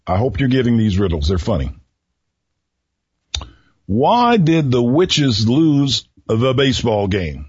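A man hosting a radio talk show who tells riddles to his listeners slowly, repeating each one and pausing before the answer, with a folksy manner. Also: medium pitch, sing-song, a little mellow, slightly rough, dry recording. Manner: folksy, chuckles at his own jokes. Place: radio studio. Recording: dull lo-fi radio recording.

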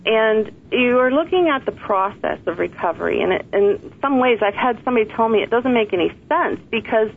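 A woman's voice: fairly high pitch, expressive, a little fast, creaky, hardly any pauses. A woman author talking earnestly and reflectively in an interview. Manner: earnest, reflective, laughs softly. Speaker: author and guest. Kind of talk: interview conversation. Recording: tinny phone line with faint hiss.

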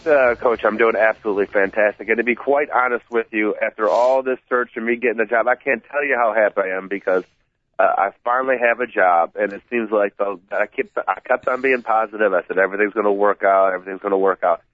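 A stuffed-up man with a mid-range voice rattles along at high speed, rambling and repeating himself. He comes through a tinny, dry phone line. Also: fairly quick, dry recording. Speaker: sports radio co-host calling in. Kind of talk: casual sports talk.

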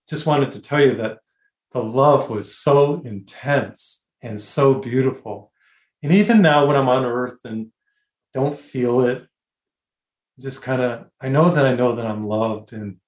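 A man of middle pitch tells a spiritual story in an interview, earnest and deliberate. He slows down to stress key words and lets phrases fade out softly. His voice rings in a noticeably echoey room. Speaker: guest author. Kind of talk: conversational interview, spiritual testimony.

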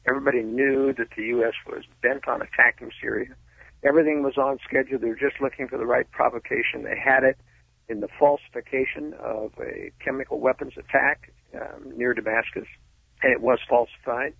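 A man calling in as a guest analyst, explaining emphatically in a raspy voice. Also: mid-range voice, steady tone, brisk, no echo. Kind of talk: phone-in radio interview. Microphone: telephone. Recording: tinny phone line.

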